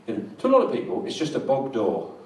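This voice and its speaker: Middle-aged man, stand-up comic, deadpan rambling delivery, lively pitch swings, roomy live venue. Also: fast, recorded from a distance, a little hiss or hum. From England. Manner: dry, rambling, deadpan with crowd laughter. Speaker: stand-up comedian. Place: small comedy venue with audience.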